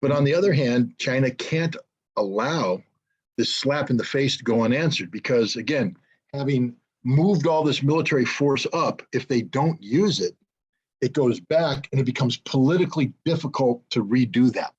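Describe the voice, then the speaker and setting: A man's voice: medium pitch, animated, normal speed, slightly rough, dull audio. An older man giving blunt, sarcastic political commentary as an interview guest over a video call, with many ums and restarts.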